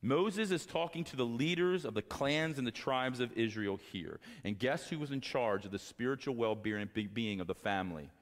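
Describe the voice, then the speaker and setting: A male pastor preaching a sermon to fathers, impassioned, moving from quiet talk to raised exhortation. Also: medium pitch, moderate pace, hardly any pauses, in a large hall. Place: church sanctuary.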